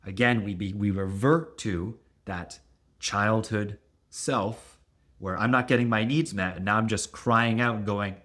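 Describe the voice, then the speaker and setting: A middle-aged man explaining relationship conflict as a coach, lively and expressive, often acting out what partners say. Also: a little slow. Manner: animated, acts out quoted voices with big pitch jumps. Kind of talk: teaching talk to camera.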